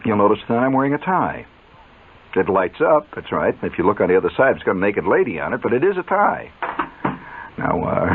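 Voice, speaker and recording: A man telling a rambling comic story in a chatty, digressive way, with excited yelps rising up as he builds. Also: lowish voice, brisk, slightly rough. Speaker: radio storyteller. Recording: tinny narrow-band old recording, faint hiss.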